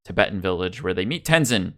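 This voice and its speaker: A man's voice: low-pitched, expressive, fast talker, a bit bright. Upbeat man hosting a podcast. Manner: upbeat, steering the talk. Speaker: podcast host. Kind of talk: casual podcast chat.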